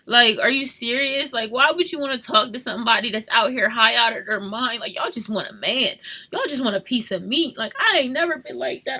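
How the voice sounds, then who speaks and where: A young woman in an emotional confessional vlog, crying and talking softly at home. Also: on the high side, brisk, slightly rough. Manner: tearful, shifting between crying, soft whispers and rueful laughs. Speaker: vlogger. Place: home at night.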